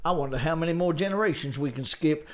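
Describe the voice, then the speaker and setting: A man's voice: fairly high pitch, fast talker, slight background noise. Joking man co-hosting. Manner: playful, mock-formal, joking. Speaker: podcast co-host. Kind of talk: casual comedy banter.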